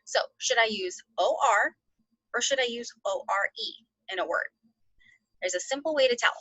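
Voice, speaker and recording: A woman teaching an online phonics lesson to second graders, sounding out letters slowly and encouraging the class. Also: on the high side, lively intonation, a bit bright, dry recording, low-quality recording.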